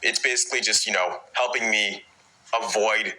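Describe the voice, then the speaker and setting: Bright-voiced man on a frustrated, stumbling rant. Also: fairly low pitch, poor audio. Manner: frustrated, halting, many restarts. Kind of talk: personal rant.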